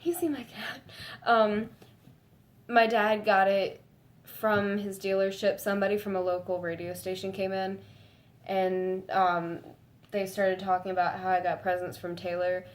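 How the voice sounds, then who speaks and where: A woman vlogging to her viewers in a gushing, excitable way, full of "like" fillers and breaking into high squeals. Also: a little slow. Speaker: fan vlogger. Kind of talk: casual chat to camera.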